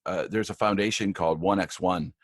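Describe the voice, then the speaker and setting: A man working as a live event AV producer, casually telling backstage anecdotes in an interview, with lots of restarts and animated retellings. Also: deep voice, fairly quick, no echo, studio quality.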